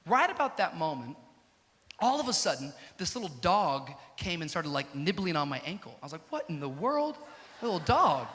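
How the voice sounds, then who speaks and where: A male pastor telling a story in a sermon, acting out the dialogue and building up to shouting, in a reverberant church hall. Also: fairly high pitch, big pitch swings, brisk.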